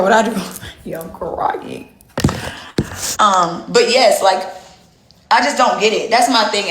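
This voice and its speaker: A woman's voice: fairly low pitch, reverberant, a little hiss or hum. A woman chatting casually on a livestream from home, brash and profane, teasing and trash-talking. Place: at home indoors. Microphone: phone livestream.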